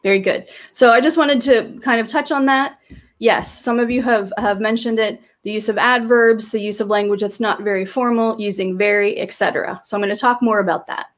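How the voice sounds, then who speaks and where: A teacher trainer running a webinar, this woman sounds a little high and brisk, her intonation fairly even. She goes through slides for teachers over a video call via a computer mic, patient in her explanations but filling pauses and restarting often.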